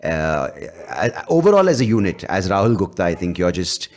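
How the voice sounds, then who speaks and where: A man's voice: low voice, sing-song, moderate pace, darkish tone. A man hosting a podcast, talking bluntly and animatedly, swearing freely. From India. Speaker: podcast host. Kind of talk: casual interview chat.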